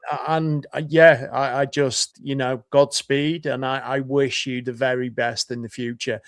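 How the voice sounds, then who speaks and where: A man's voice: medium pitch, flat delivery, measured pace, no echo, clean studio sound. A man from the north of England with a Northern English accent, chatting casually and self-deprecatingly as co-host on a call. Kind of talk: casual chat.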